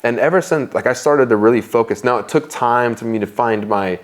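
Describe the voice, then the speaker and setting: A man's voice: mid-range voice, fairly quick. A young man as an interview guest, talking casually and candidly, with many fillers and restarts. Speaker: guest, business owner.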